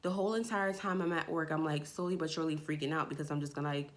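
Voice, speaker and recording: Young female vlogger, low-ish natural voice, chatty, acts out quotes. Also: quick pace, a little hiss or hum. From Jamaica. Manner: animated, acts out quoted friends in a raised voice. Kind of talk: casual storytelling to camera.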